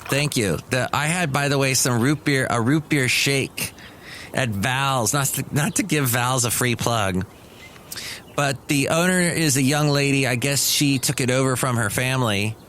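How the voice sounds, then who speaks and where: A man's voice: mid-range voice, a little slow, fairly bright tone. Solo podcast host, middle-aged man, dry meandering chatter, faint hiss. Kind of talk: rambling solo comedy podcast.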